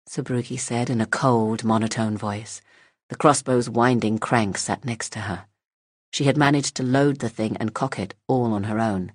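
A woman reading fantasy fiction aloud as an audiobook narrator, in a measured, even storytelling manner. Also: a bass voice, breathy edge, dry recording, studio quality.

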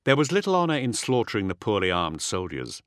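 A male audiobook narrator reads with dramatic, expressive delivery. His low voice swings widely in pitch. The recording is dry and close, with no room sound. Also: a little fast, dry recording. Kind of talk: scripted narration.

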